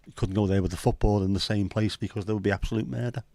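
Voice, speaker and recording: A man's voice: on the low side, steady tone, quick pace, creaky, dark tone, no echo. A man from northern England hosting a casual livestream chat, rambling with sweary banter. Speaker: livestream host.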